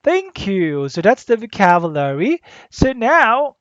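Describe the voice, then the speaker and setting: A teacher giving a grammar lesson, deliberately spelling out letters and repeating the rules. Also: mid-range voice, very animated, dry recording. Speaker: English teacher. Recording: dull lo-fi dry recording.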